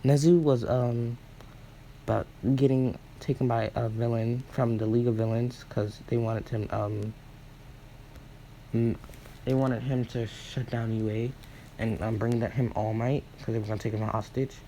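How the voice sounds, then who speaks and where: A man improvising a fan story aloud, rambling with many fillers and self-corrections, and acting out characters' lines in quick asides. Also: mid-range voice, steady tone, mellow, slight background noise, low-quality recording. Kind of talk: improvised fan-fiction retelling.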